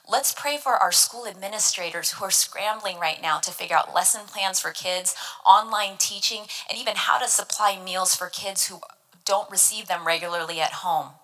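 A woman's voice: medium pitch, moderate pace, sharp tone, rough recording. A woman giving devotional Bible teaching, earnest and emphatic, explaining verses word by word.

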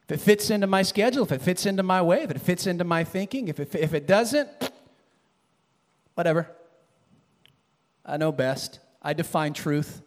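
A man preaching a sermon, animated, building to shouted emphasis and dropping low again. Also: moderate pace, long pauses, in a large hall.

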